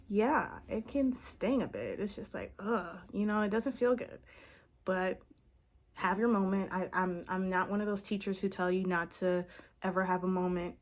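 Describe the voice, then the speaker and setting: Woman, casual vlog, coaching tone, blunt, swears, emphatic, mid-pitched voice. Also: a little mellow. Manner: frank and blunt, swears freely; emphatic, keeps checking in with "okay?". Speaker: manifestation coach. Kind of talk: impromptu casual vlog talk.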